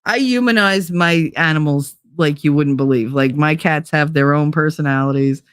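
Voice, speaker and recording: A woman's voice: low-pitched, moderate pace, clean tone, no room sound, studio quality. A woman hosting a casual livestream, chatting loosely, greeting viewers by name and swearing freely. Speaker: livestream host.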